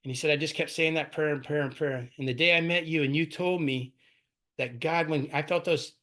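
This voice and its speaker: Man, recovery talk, quick delivery, slightly high voice, conversational, keeps saying "right?". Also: steady tone, a bit bright. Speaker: AA speaker sharing his story.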